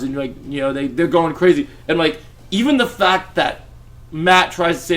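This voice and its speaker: A man's voice: a little high, a little fast, a bit bright. A man giving a casual, enthusiastic and rambling review of a TV episode. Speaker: TV show reviewer.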